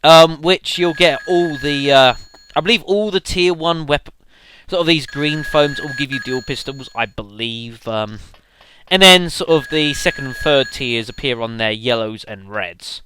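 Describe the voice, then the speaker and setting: A man's voice: a little high, measured pace, sharp tone, slight background noise. A young man giving rambling, casual commentary on a game he is playing, with fillers and sudden exclamations. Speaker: let's play commentator.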